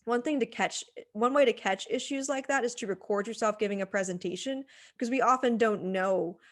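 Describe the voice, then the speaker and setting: A woman's voice: fairly high pitch, fairly quick. A woman teaching presentation skills in a recorded lecture, conversational, with frequent fillers and restarts, speaking into a computer microphone. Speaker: writing center instructor.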